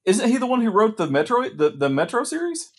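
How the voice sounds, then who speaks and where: A man's voice: sits high, big pitch swings. Eager man reacting on a gaming podcast. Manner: enthusiastic, eager, quick reactions. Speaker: podcast co-host. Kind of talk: casual gaming podcast chat.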